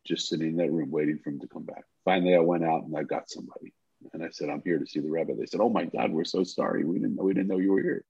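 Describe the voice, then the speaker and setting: Rapid-fire and low, this older male podcast guest spins a long story, acting out each bit of dialogue with animation. His voice has vocal fry and a slightly rough quality, captured in a dry, slightly muffled recording.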